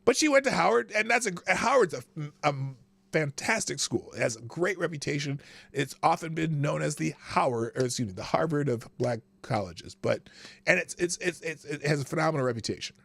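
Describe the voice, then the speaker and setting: A man's voice: a little high, animated, fairly quick, vocal fry, a bit bright, dry recording. A man hosting a political commentary show, sarcastic and given to laughing asides. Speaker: host.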